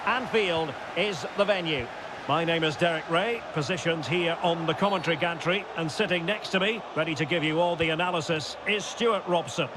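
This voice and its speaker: A man playing a seasoned football commentator in a video game, a polished broadcaster who calls the action and rises to loud, excited calls. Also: high-pitched, lightly acted. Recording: game audio under loud background noise.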